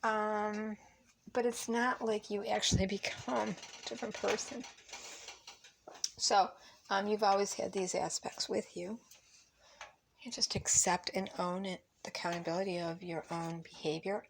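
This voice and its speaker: A woman's voice: medium pitch, fairly even intonation, a little slow, creaky, slight background noise. A woman talking casually while cooking at home, blunt and emphatic, cursing freely. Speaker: vlogger. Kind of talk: casual cooking vlog with opinionated talk. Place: home kitchen.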